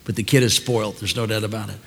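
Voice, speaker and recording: An older man, a pastor, telling stories in a sermon, moving from quiet asides to loud preaching. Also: lowish voice, steady tone, racing, creaky, slightly rough, long reverb tail. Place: large church hall.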